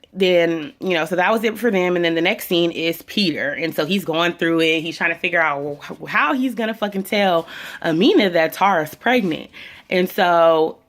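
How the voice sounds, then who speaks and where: A woman's voice: lowish voice, fairly bright tone. A woman giving a casual opinion recap to camera, blunt, sassy and full of swearing. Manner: blunt, profane, sassy, chatty. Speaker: reality TV recap vlogger. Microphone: camera mic.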